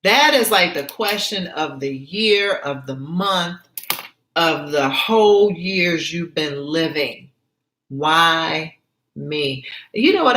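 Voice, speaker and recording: A woman's voice: low voice, fairly bright tone, echoey room, poor audio. A woman author reading her own story aloud and stopping to comment, repeating her points emphatically and checking that the listener follows.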